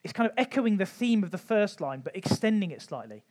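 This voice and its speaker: A man's voice: sits high, big pitch swings, a little fast, a little mellow. Chatty man teaching about the Bible. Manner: conversational, frequent ums, light humour. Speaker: church teacher. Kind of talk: informal Bible teaching talk.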